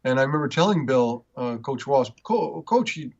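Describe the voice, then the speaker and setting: A man telling personal stories in an interview, earnest and rambling, with frequent restarts, rising in pitch when moved. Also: expressive, moderate pace, vocal fry. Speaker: interview guest, author. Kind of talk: personal storytelling in conversation. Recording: dull, muffled audio.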